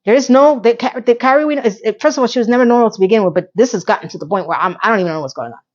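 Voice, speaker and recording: Woman ranting about a tv episode, kinda hoarse, high-ish voice, dull lo-fi sound. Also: very fast, a little mellow. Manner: exasperated, sarcastic, talks to viewers. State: losing her voice. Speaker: TV recap vlogger. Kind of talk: animated ranting recap.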